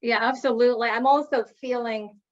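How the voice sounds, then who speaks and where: Higher-voiced woman medium, soft and reassuring, kinda dull dry sound. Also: fairly even intonation, brisk, no echo. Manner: soft, reassuring, hesitant fillers. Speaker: guest medium. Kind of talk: spiritual reading, casual chat.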